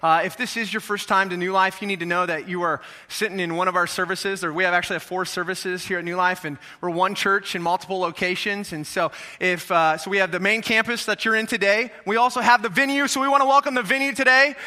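Male pastor, high and bright-toned, lively conversational sermon, big reverberant church hall. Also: fast talker, hardly any pauses. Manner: energetic, conversational, many rhetorical questions to the congregation. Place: large church sanctuary.

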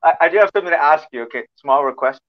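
A man's voice: a little high, lively intonation, racing, dull audio. A man hosting a podcast in casual interview chat, friendly and rambling with frequent restarts. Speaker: podcast host.

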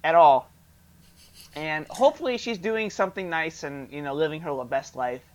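In casual podcast conversation, a young male co-host spins a story at a moderate pace, his pitch fairly high. He animates the tale by performing the dialogue himself, captured in dull lo-fi sound.

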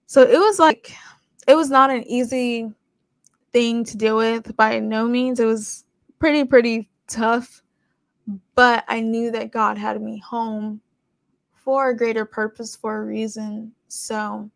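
Young woman host, raspy fry in a slightly high voice, chatty and rambling, dry close sound. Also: fairly even intonation, slow, no room sound. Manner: conversational, rambling, with many fillers. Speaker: podcast host. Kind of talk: casual faith testimony.

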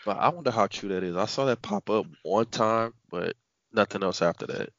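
A man's voice: on the low side, brisk, a bit bright, dry recording. A man co-hosting a casual podcast, dropping short teasing interjections. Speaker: podcast co-host. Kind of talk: casual chat. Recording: dull lo-fi sound.

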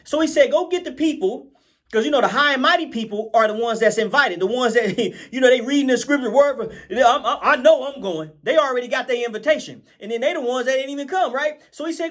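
A high-voiced man leads an informal Bible study with lively, animated energy. He repeats phrases, keeps calling out "right?" to listeners, and laughs now and then. He slows down when reading scripture.

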